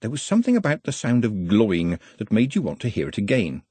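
Man, audiobook narrator, husky, highly animated, dry studio sound. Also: fast, hardly any pauses, no echo. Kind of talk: scripted narration.

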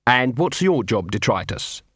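Guy doing a tired cynical watch captain, dry and exasperated, flat room sound. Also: mid-range voice, unhurried, husky, no room sound, exaggerated voice. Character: weary cynical middle-aged male watch captain.

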